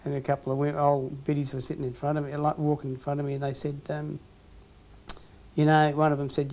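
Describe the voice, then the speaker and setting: An Australian man, a former football umpire, tells stories from the field in an interview. His voice sits a little high, and he often laughs at his own punchlines. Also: monotone, a little fast, darkish tone. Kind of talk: storytelling anecdotes in an interview.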